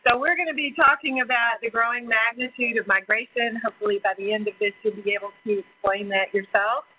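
A woman's voice: a little high, fairly even intonation, a little fast, breathy edge. A woman pediatrician giving a lecture to an audience, earnest and self-deprecating, with frequent fillers. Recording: tinny phone-like recording.

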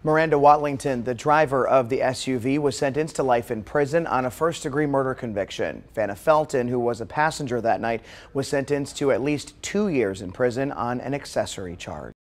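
A man delivering a local TV news report. His tone stays formal and even throughout. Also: medium pitch, fairly quick, hardly any pauses.

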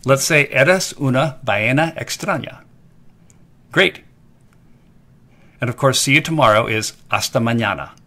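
Playful, lively-voiced male language teacher. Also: mid-range voice, measured pace, long pauses. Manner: playful, repeats phrases for learners to echo. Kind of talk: scripted narration for a kids' lesson.

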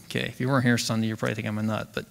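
A man teaching a casual Bible study, retelling scripture in a conversational, animated way. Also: mid-range voice, racing, creaky, in a large hall. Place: church assembly hall.

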